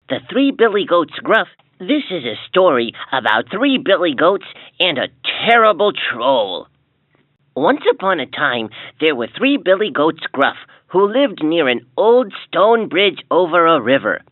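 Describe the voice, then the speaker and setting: A man reads a children's storybook aloud with clear, expressive narration. His voice sits a bit high and swings widely. The sound comes through a tinny, dry toy speaker. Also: a little slow, no echo.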